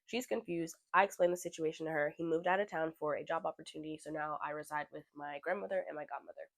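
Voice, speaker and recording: A young adult podcast host telling a personal story candidly, swearing freely and growing animated when retelling scenes. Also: mid-range voice, vocal fry, dry recording.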